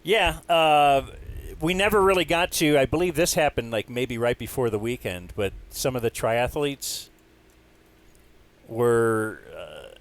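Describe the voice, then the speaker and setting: A man's voice: medium pitch, a little slow. A man hosting a casual comedy podcast, making sarcastic jabs and asking teasing questions. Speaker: podcast host.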